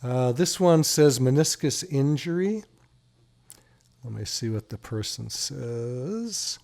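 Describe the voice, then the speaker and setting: A man's voice: mid-range voice, animated, slow pace, gravelly, darkish tone. A man hosting a talk radio show, joking and telling stories in a casual, playful way. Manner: playful, joking, teasing his co-host. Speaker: radio show host, doctor.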